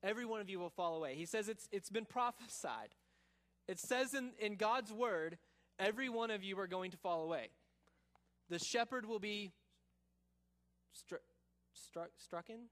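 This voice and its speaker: High-voiced man preaching a sermon. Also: a little slow, long pauses. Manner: animated storytelling, acting out quotes, drops to quiet intensity. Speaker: pastor.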